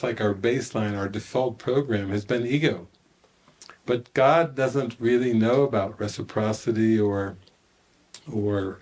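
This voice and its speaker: An older man giving a spiritual retreat talk, telling stories with laughter and acting out the voices of the people in them. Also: fairly low pitch. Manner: animated storytelling with laughter and acted-out quotes. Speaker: spiritual teacher.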